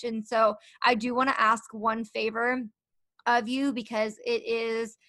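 A woman's voice: fairly high pitch, fairly bright tone, dry recording. A young woman hosting her own podcast, talking earnestly and encouragingly to her listeners. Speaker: podcast host. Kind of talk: solo podcast talk.

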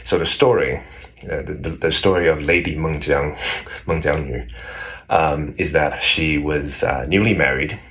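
A man's voice: extremely low pitch, unhurried, a bit bright. A man casually telling a history story in conversation, rambling with many restarts. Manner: rambling, many restarts, acts out quoted voices. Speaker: guest explaining history.

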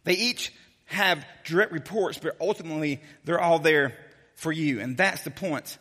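Animated male preacher, high bright voice. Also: normal speed, long reverb tail. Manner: animated storyteller, casual and joking. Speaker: pastor. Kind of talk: sermon.

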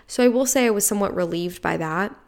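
A woman hosting a solo podcast in casual chat, excitable and chatty with lots of fillers. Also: medium pitch, quick pace, gravelly. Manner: chatty and excitable, many fillers like "like" and "you know". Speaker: podcast host.

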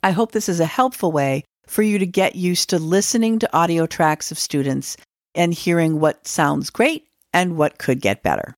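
In clean studio sound with no room noise, a woman teacher hosts an educational podcast. Her voice is fairly low and her pace normal, and she speaks conversationally, musing aloud with the occasional filler.

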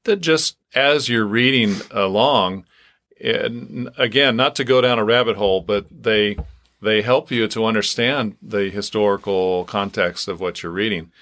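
Low-voiced earnest podcast man. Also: measured pace, fairly bright tone. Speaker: podcast co-host. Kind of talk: casual Bible discussion.

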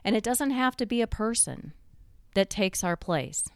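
A woman giving a reflective motivational talk, slowing down to stress key points and building them through repeated phrases. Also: mid-range voice, animated, smooth, no echo, clean studio sound. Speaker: motivational speaker.

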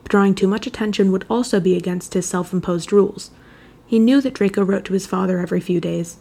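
A woman reading fan fiction aloud in a steady, measured storytelling manner. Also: medium pitch, gravelly, slightly rough. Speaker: narrator.

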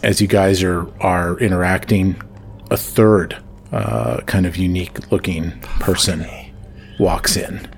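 A man with a deep voice narrates a tabletop game as game master. He rambles, filling gaps with fillers, over a faint background hum. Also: fairly even intonation, takes it slowly.

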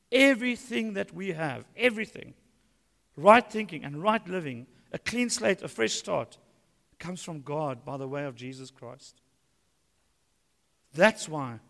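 A pastor preaching a sermon in a church, emphatic with humorous asides. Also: male voice, high-pitched, gravelly. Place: church hall. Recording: long church-hall reverb.

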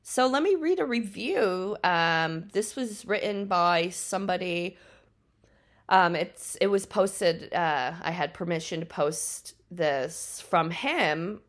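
A woman hosting a podcast and telling stories casually, laughing often and pausing on ums. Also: fairly low pitch, lively intonation. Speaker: podcast host. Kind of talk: casual storytelling.

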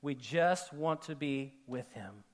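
A man preaching a sermon to a congregation, animated, acting out quoted voices and dropping to soft, intimate tones for emphasis. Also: medium pitch, slow. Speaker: pastor. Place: church auditorium with a congregation.

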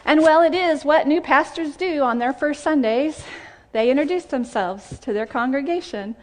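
A woman pastor preaching a heartfelt sermon and reading scripture in a church. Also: high voice. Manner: heartfelt, tearful gratitude, measured scripture reading. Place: church sanctuary.

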